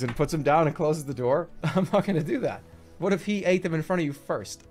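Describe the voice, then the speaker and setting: Animated man rambling on a stream. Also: on the high side, fast, faint music behind. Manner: animated, storytelling, swearing, playing voices.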